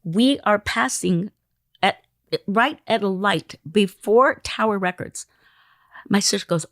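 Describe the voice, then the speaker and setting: A woman telling an anecdote in an interview, animated, acting out the lines she quotes. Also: mid-range voice, measured pace, no room sound, clean studio sound. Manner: animated storyteller who acts out quoted lines. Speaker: interview guest.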